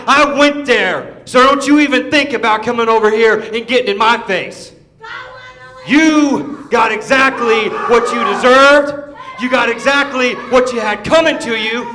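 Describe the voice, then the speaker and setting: A man with a very high, sharp voice rants in a wrestling arena, mocking his opponent and shouting insults. This is a heel wrestler's promo, sneering and loud.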